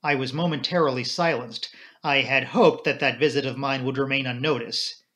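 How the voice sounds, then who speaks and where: A man reading a novel aloud in first person, with measured, steady storytelling. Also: mid-range voice. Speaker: amateur audiobook reader.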